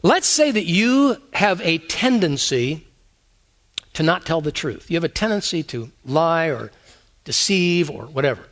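Lively high-voiced man preaching. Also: measured pace. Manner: conversational preaching with rhetorical questions. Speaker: pastor. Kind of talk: sermon.

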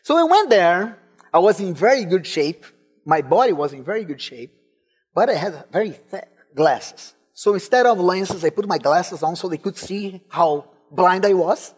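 A man's voice: sits high, expressive, moderate pace, slightly rough, faint music behind. A man from Brazil, not an English speaker, preaching a sermon and telling his own story with growing fervor. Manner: personal testimony, rising to fervent emphasis.

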